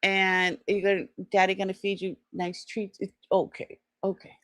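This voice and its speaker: A middle-aged woman chatting casually during an online jewelry sale, trailing off with fillers and switching to high cooing baby talk with her pet. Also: completely flat delivery, moderate pace, fairly bright tone, dry recording. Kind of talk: casual live-sale chat.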